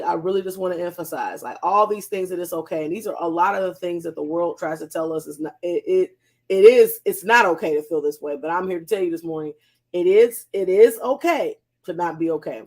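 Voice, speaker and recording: A counselor hosting a weekly mental health segment, speaking in a casual motivational way, emphatic and fond of repeating key phrases. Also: mid-range voice.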